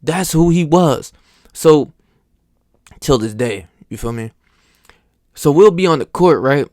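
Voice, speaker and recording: A young man telling casual stories in a slangy, profane, animated way. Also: a little high, takes it slowly, dry recording, clean studio sound. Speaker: host. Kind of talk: casual storytelling monologue.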